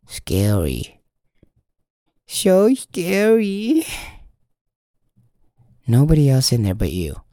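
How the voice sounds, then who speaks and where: A man's voice: deep voice, creaky, mellow, slightly rough, no room sound, studio quality. A man hosting a meditation podcast, playful and teasing, laughing often and slipping into voices. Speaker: podcast host.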